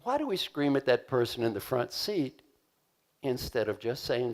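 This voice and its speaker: An older man from the United States giving a motivational keynote to a conference audience, animated and acting out voices as he asks the crowd questions. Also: mid-range voice, moderate pace. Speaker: keynote speaker. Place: large conference hall.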